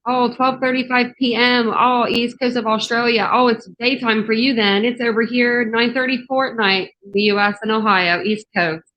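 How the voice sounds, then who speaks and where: Woman host, slightly hoarse, casual chatty livestream delivery with frequent fillers. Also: fairly high pitch, steady tone, moderate pace, few pauses, a bit bright, rough recording. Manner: chatty, many fillers, greets chat viewers. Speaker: true crime livestream host. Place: home office studio.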